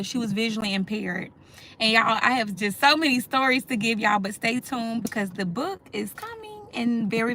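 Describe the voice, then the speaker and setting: A woman's voice: mid-range voice, bright, forceful tone, a little hiss or hum. A middle-aged woman hosting a casual talk, speaking heartfelt and personal and calling her listeners "y'all". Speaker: host.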